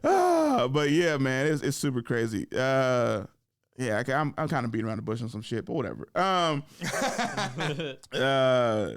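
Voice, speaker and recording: A man's voice: mid-range voice, sing-song, a little slow, dry recording, studio quality. A young man hosting a podcast, telling stories in a laid-back way, acting out quoted lines in a raised voice and laughing often. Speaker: podcast host. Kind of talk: casual chat.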